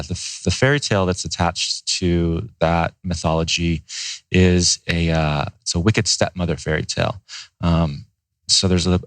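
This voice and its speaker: Brief: deep, dry-miked man, relaxed storyteller guest on a podcast. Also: no room sound, low-quality recording. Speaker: ice bath company co-founder.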